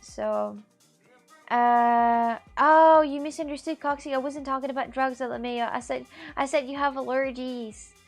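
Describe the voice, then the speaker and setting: A woman with a fairly high voice chats casually on a live stream, her phrasing simple and halting. Her nose sounds stuffed up, and faint music plays behind her outdoors. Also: fairly even intonation, vocal fry. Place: outdoors, sitting in a hammock.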